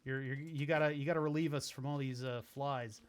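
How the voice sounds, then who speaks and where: A man's voice: medium pitch, fairly even intonation, a little fast. A man streaming a car-repair game, chatting casually and telling a long story while he works, often restarting his sentences. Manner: rambling, self-interrupting storyteller. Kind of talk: casual gameplay commentary. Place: home streaming setup. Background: game music playing faintly.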